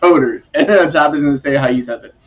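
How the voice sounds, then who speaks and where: A man's voice: fairly high pitch, very fast, muffled recording. A man hosting a casual podcast chat, rambling and laughing often. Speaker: podcast host.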